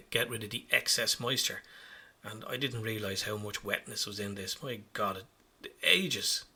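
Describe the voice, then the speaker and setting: A man with a very bright, forceful tone and a husky edge narrates his own hobby work. He rambles along casually and pokes fun at his own mistakes. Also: fairly low pitch. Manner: chatty, self-mocking, rambling. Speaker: hobby vlogger.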